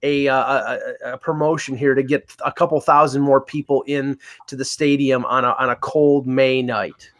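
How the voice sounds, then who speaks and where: A man's voice: medium pitch, flat delivery, normal speed, few pauses, fairly bright tone. A man co-hosting a casual sports podcast, blunt and opinionated.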